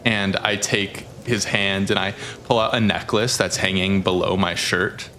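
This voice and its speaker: A man's voice: low voice, fairly even intonation, measured pace, bright, forceful tone, slight background noise. A man playing a tabletop role-playing game who describes his actions in a chatty way, with many fillers. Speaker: player. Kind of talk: casual tabletop game play.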